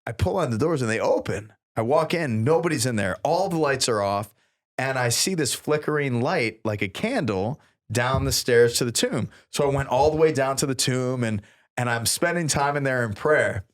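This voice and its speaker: A man co-hosting a podcast, telling a story in a casual, animated way and acting out the people he quotes. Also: medium pitch, moderate pace. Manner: animated, acts out quoted voices with big laughs. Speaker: podcast co-host. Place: podcast studio.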